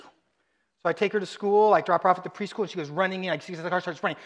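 A man's voice: sits high, fast talker. A middle-aged man from Texas preaching a sermon, telling joking family stories and acting out voices. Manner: joking, animated storytelling with acted-out voices. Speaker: pastor.

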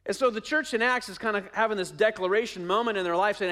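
A man's voice: high-pitched, fast talker, bright, forceful tone. A man preaching a sermon as pastor, conversational, asking the congregation questions and repeating his phrases.

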